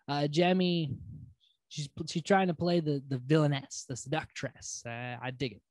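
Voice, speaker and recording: A man's voice: on the high side, fairly even intonation, normal speed, dry recording. A man hosting a podcast, recapping a reality TV episode in a loose, rambling way with fillers and casual swearing. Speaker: podcast host.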